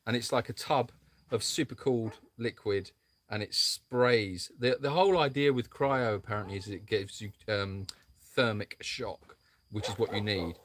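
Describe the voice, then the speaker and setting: A man co-hosting a live stream from an animal sanctuary, who talks in a rambling, jokey, animated way. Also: lowish voice, normal speed, dry recording. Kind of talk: casual live-stream chat.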